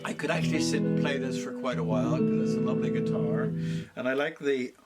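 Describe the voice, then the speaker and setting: A man working as a luthier, casually walking through a guitar repair in an easygoing, rambling way with frequent pauses. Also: mid-range voice, very animated. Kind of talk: casual workshop walkthrough. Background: electric guitar playing.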